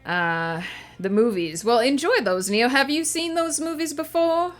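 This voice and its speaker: A woman's voice: high-pitched, expressive, measured pace, voice pushed up. Woman doing a hammy old-movie Southern drawl, chatty streamer, many fillers, faint music behind. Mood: playful. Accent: exaggerated old-movie American Southern. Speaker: streamer and writer. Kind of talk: casual live stream chat.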